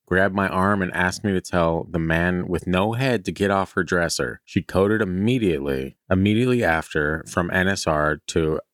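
A man co-hosting a podcast, reading listener stories aloud and joking around in casual chat, swearing and slipping into quick voices for bits. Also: deep voice, a bit bright, no echo, clean studio sound. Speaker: podcast co-host.

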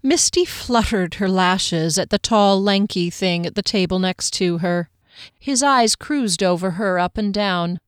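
A woman reading a fantasy novel aloud in a steady storytelling manner. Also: medium pitch, unhurried, clear, resonant tone, dry recording, clean studio sound. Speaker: narrator.

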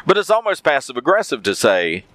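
A man's voice: medium pitch, huge pitch swings, brisk, a bit bright, dry recording. A man telling a story in a casual monologue, repeating phrases for emphasis.

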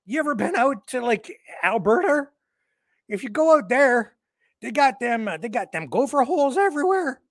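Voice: medium pitch, sing-song, moderate pace, no echo, studio quality. A co-host of a livestream news show, rambling through joking satirical commentary with mock outrage and lots of fillers. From Canada.

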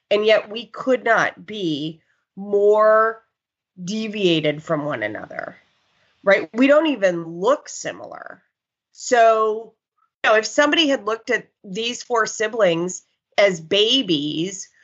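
A woman who works as a dog trainer, chatting casually and telling stories in an animated way. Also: mid-range voice. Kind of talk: casual podcast chat. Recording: slightly dull lo-fi sound.

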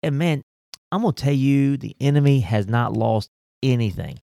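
Folksy gravelly pastor with a drawl. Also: male voice, medium pitch, moderate pace, dry recording. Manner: folksy, animated preaching with rhetorical questions. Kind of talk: casual faith discussion.

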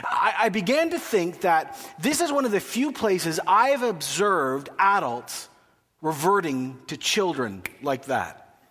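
High-voiced Canadian pastor joking in a hall. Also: male voice, very animated, unhurried, a bit bright, breathy edge. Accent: Canadian English. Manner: chatty, joking, asks the audience questions. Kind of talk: sermon. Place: church hall. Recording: long hall reverb.

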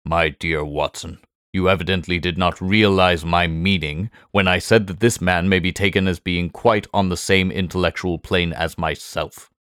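A brilliant middle-aged detective, read by a man, speaks calmly and with measured, faintly superior poise. The voice sits very low. The sound is dry and close, with no room around it. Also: clear, resonant tone, dry recording. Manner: calm, measured, quietly superior. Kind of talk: audiobook character voice.

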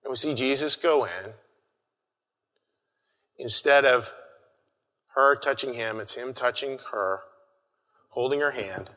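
A man's voice: mid-range voice, slow, pauses often, sharp tone. A man preaching a conversational sermon, earnest and full of restarts, calling his listeners folks. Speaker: pastor. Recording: long hall reverb.

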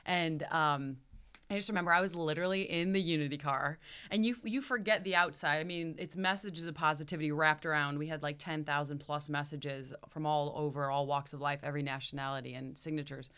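A young woman, a guest on an interview, telling a story with lively, expressive delivery and acted-out quotes. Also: sits low, brisk, clean tone. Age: young adult. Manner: expressive, acts out quotes with big jumps in loudness. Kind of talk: animated storytelling.

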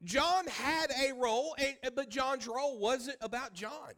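A man preaches a sermon in a high, bright, forceful voice. He presses each point, repeating himself and asking the congregation direct questions. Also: measured pace. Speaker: pastor.

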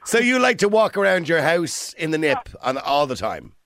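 A man hosting a radio phone-in, chatty and quick to apologise, laughing along with callers. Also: a little high, very animated, a bit bright. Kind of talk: casual phone-in chat.

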